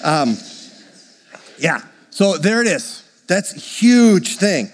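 Male pastor with a slightly high voice, preaching with lively conversational enthusiasm, long church-hall reverb. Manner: conversational, enthusiastic preaching with slow emphatic scripture reading. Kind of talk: sermon.

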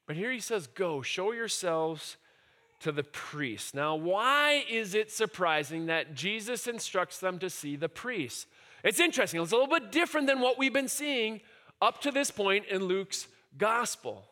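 A man preaching a sermon, animated, dropping to quiet musing and rising to shouted cries. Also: high voice, unhurried. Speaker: pastor.

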